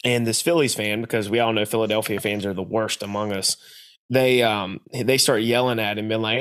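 A man's voice: lowish voice, steady tone, a little fast, fairly bright tone. A man hosting a podcast who laughs often and tells stories with animation. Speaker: podcast host. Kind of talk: casual chat.

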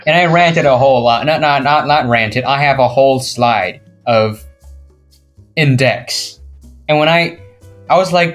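A teenage boy co-hosting a casual podcast, telling a school story in an animated way and mimicking his classmates. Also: medium pitch, measured pace, soft background music. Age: teens. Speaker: podcast co-host. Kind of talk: casual chat.

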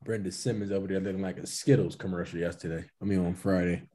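A man's voice: sits low, steady tone, fast, mellow. A man co-hosting a casual sports podcast, teasing his friends and laughing often. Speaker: podcast co-host. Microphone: podcast mic.

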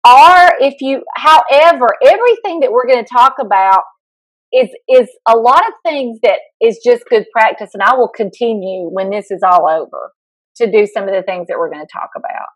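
A woman's voice: fairly high pitch, normal speed, no echo, low-quality recording. A woman co-hosting a podcast as a school counselor, chatting casually, laughing and rambling with restarts.

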